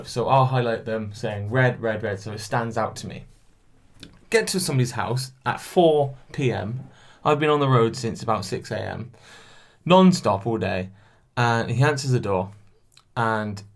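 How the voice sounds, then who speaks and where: Young male podcaster, chatty, self-deprecating, swears casually, mid pitch. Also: a little slow. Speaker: podcast host. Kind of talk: solo podcast storytelling. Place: room alone with a camera. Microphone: camera.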